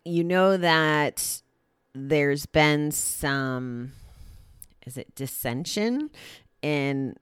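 A woman's voice: low voice, lively intonation, extremely slow, long pauses, clean tone, no room sound, studio quality. A young woman reading a daily recovery passage, then thinking aloud in a candid, rambling way with lots of "like" and restarts. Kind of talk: reading aloud then casual reflective talk.

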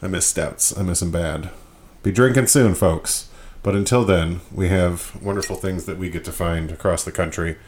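Guy hosting a podcast, super deep voice, rambly, lots of uh and um. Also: normal speed, a little mellow. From Michigan. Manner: rambling, self-deprecating, frequent fillers. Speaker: podcast host. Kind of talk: casual podcast talk.

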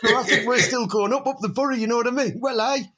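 A man's voice: extremely high pitch, steady tone, quick pace, sharp tone, slight background noise. A man co-hosting a podcast, ranting and swearing in rambling casual banter. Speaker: podcast co-host.

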